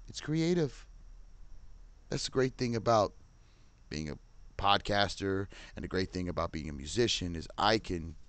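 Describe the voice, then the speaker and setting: A man's voice: on the low side, a bit bright, dry recording. Angry, profane man ranting to camera. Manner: heated, profane, repeats "Okay?". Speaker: podcaster and musician.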